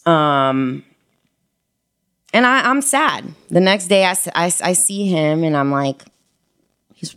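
A woman frankly telling a personal story in casual conversation, animated and full of slang. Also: lowish voice, takes it slowly, long pauses, clear, resonant tone.

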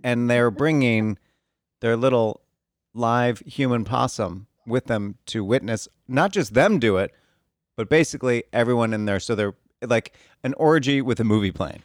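A man's voice: mid-range voice, normal speed, no echo, studio quality. A man chatting on a comedy podcast, incredulous and exasperated, stammering and acting out other people's voices.

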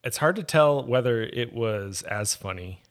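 A man's voice: mid-range voice, lively intonation, a little slow. A man talking as a podcast guest in casual chat, rambling and hesitant, often trailing off.

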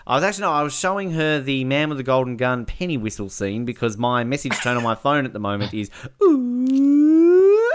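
A man's voice: medium pitch, quick pace, hardly any pauses, noisy background. A man co-hosting a podcast in casual chat, rambling and laughing often. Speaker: podcast co-host.

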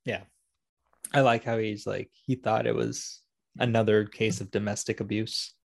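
A man co-hosting a casual chat, joking and relaxed. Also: fairly low pitch, moderate pace, vocal fry, no echo, studio quality. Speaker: podcast co-host.

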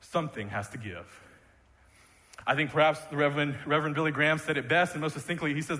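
A man's voice: fairly high pitch, quick pace, sharp tone. A man preaching a sermon in a church, conversational and jokey with many restarts. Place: church sanctuary. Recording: long reverb of a church hall.

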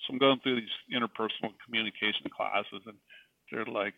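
A man's voice: on the low side, steady tone, fairly quick, gravelly, dry recording. A middle-aged man, a guest telling a personal faith story in an earnest, emphatic way. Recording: distant, tinny phone-like sound.

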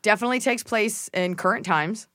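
A young woman from Texas, co-hosting a casual chat, quick and jokey with rambling restarts. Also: medium pitch, a bit bright, no echo, studio quality. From Texas, USA. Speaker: co-host, actress.

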